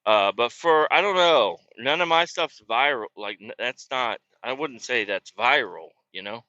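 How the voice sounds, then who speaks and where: A man's voice: mid-range voice, animated, measured pace, pushed and bright, no room sound, highs cut off. A man chatting casually while driving, telling stories in a profane, laid-back way. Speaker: vlogger and truck driver.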